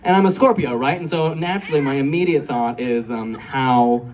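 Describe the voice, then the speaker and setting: Giggly rambling young stand-up comedian. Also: male voice, fairly high pitch, a little fast, darkish tone. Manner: rambling, giggly, filler-heavy storytelling. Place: comedy club stage. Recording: distant live club recording, faint room noise.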